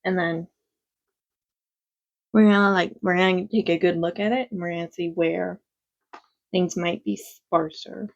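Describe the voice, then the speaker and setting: A woman's voice: lowish voice, fairly even intonation, a little slow, creaky, long pauses, dull audio. A woman chatting casually through a makeup tutorial at home, rambling and frank, with some swearing. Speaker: makeup vlogger. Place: quiet home.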